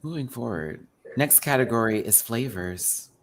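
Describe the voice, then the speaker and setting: A man hosting a casual panel show, reacting to runway looks in a campy, animated way. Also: mid-range voice, moderate pace, a little hiss or hum. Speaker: host. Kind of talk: casual chat reviewing drag looks.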